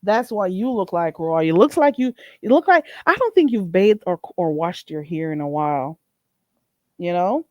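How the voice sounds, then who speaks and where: A woman's voice: on the low side, animated, moderate pace, darkish tone, no echo, lo-fi sound. A woman hosting her own livestream, ranting bluntly and mockingly at a viewer. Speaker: channel host. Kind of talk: livestream rant.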